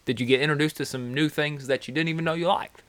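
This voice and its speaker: A man's voice: a little high, fairly even intonation, quick pace, a bit bright, dry recording. An American man hosting a casual podcast, asking curious, chatty questions. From United States. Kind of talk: casual conversational interview.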